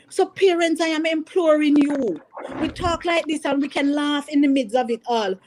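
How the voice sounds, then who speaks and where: A woman with a high-pitched, darkish voice speaks at a moderate pace in a low-quality recording. She is a teacher with a Jamaican accent making an earnest, impassioned appeal to parents, emphatic and repetitive, mixing patois into her speech.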